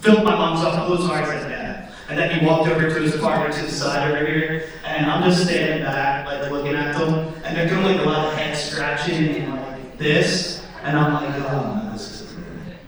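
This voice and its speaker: A young man doing stand-up comedy in a theatre, telling stories in an animated way and acting out voices. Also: moderate pace, hardly any pauses, heavy reverb, far from the mic, crowd noise, rough recording. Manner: animated, acts out voices with sudden high squeals. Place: theatre stage before a live audience.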